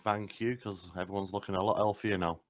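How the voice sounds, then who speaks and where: A man's voice: fairly low pitch, fairly even intonation, brisk, no echo, clean studio sound. A man playing a tabletop game over voice chat, announcing his moves in a plain, decisive way. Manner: plain-spoken, decisive turns. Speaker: player.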